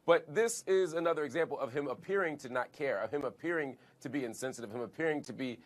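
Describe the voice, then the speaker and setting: Fast-talking man on a news panel. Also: a little high. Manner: rapid, animated, conciliatory. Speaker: panel commentator. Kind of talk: cable news panel debate.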